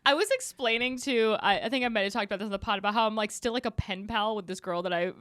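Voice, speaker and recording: A woman's voice: mid-range voice, fast talker, fairly bright tone, no echo, studio quality. A young woman co-hosting a podcast, ranting in casual chat with swearing and laughter. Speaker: podcast co-host.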